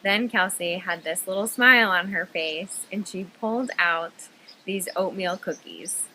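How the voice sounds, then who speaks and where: Bright-voiced woman with a wedding toast. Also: mid-range voice, a little slow, slight background noise, rough recording. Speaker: wedding video well-wisher. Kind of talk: heartfelt wedding message.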